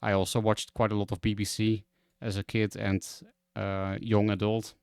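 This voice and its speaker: A man's voice: on the low side, little pitch movement, moderate pace, gravelly, a little mellow, clear, resonant tone, no echo, clean studio sound. A young man from the Netherlands with a Dutch accent, chatting and ranting casually as a streamer, swearing and exasperated.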